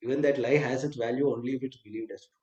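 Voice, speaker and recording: A man's voice: mid-range voice, fairly even intonation, very fast, dark tone, roomy sound, lo-fi sound. A man giving a lecture that retells a scripture story, acting out quoted lines with asides and some hesitant fillers. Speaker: spiritual teacher.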